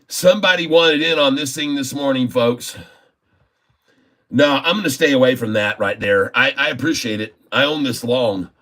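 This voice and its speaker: A man hosting a live trading stream. He talks in an effusive, folksy way, calls his viewers "folks," and keeps breaking into laughter. His pitch sits in an ordinary middle range. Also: pushed and bright. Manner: laughs often while talking.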